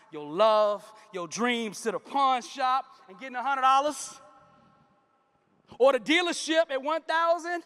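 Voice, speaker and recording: A man delivering a motivational keynote like a preacher, calling out to the crowd and driving each point home. His voice sits very high and bright. It rings with the long reverb of a large conference hall. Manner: emphatic, call-and-response with the crowd. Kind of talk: preacher-style motivational speech.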